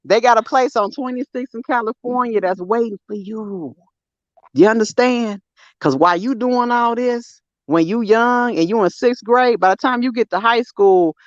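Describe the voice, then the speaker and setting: A woman's voice: fairly high pitch, moderate pace, no room sound. Woman, casual podcast talk, emphatic, slangy, slightly muffled audio. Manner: blunt, emphatic, storytelling with slang. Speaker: podcast co-host. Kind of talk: casual chat. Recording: dry, slightly dull sound.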